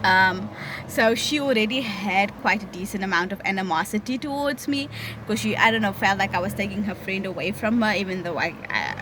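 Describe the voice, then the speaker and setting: A woman's voice: mid-range voice, fairly quick, background noise. A young woman tells a personal story in a candid, conversational way. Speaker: vlogger.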